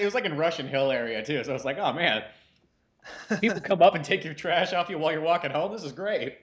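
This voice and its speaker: A man co-hosting a podcast in casual chat, telling stories excitedly with plenty of swearing. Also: on the high side, quick pace, muffled recording. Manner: excitable storyteller, profane. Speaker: podcast co-host.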